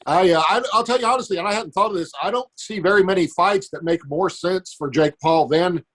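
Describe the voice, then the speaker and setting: A man's voice: high voice, fairly quick, a bit bright. A man thinking aloud as a podcast guest, building his case step by step. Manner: thoughtful, reasoning aloud.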